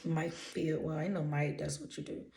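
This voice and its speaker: A woman's voice: deep voice, fairly even intonation, normal speed, creaky, mellow, roomy sound. A woman from Louisiana, speaking with a Louisiana accent, gives blunt, preachy motivational readings to her viewers. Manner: emphatic, preachy, blunt with casual swearing. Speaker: intuitive energy reader. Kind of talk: motivational channeled-message vlog.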